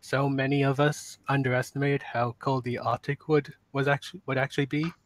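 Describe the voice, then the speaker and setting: A man's voice: medium pitch, little pitch movement, a little fast. A laid-back man guesting on a live podcast, chuckling as he talks. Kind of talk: casual live-stream chat.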